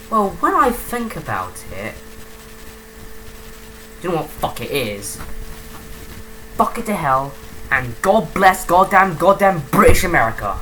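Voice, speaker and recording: A woman's voice: extremely low pitch, sharp tone, a little hiss or hum, low-quality recording. A woman giving a profane, rambling, mocking comedic film review.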